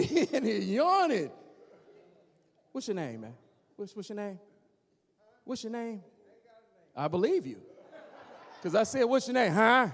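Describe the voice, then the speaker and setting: Male comic working the crowd, animated and teasing, higher pitch, reverberant church room. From Gary, Indiana, USA. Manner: animated, teasing, talks straight to the audience. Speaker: stand-up comedian. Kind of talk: stand-up comedy with crowd work. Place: church hall before a live audience.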